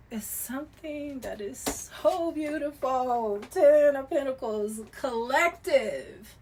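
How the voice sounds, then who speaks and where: A woman with a gravelly, fry-tinged voice reads tarot in a loose, conversational way. She swings between soft, half-whispered murmurs and loud, emphatic bursts, and swears casually. A faint hiss sits under her voice. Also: a little high. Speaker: tarot reader.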